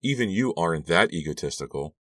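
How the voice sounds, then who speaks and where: A sharp-tongued teenage girl, bitter and sarcastic, in a storybook reading, as a man puts her on. Her lines lift high and jumpy above his deep voice. The sound is close and dry. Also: lively intonation, fairly quick, no room sound.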